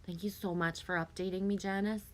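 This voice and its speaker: A woman's voice: mid-range voice, steady tone, brisk. A woman hosting a casual live stream, chatting with viewers, reading their comments aloud and laughing often.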